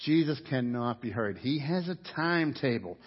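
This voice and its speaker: A man's voice: mid-range voice, expressive, moderate pace. A man preaching a sermon as pastor, earnest and conversational, repeating his key points for emphasis. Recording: dull lo-fi audio with long hall reverb.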